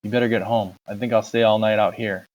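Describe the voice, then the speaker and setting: Man doing a soft-spoken teenage boy. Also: fairly low pitch, quick pace, highs cut off, natural voice. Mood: sleepy. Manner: soft, calming. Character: gentle teenage boy, quiet and loyal.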